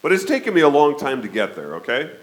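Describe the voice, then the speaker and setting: A man in his fifties preaching a conversational sermon, often checking in with his listeners with a quick "okay?". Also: a little high, big pitch swings, low-quality recording. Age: 50s. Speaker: pastor.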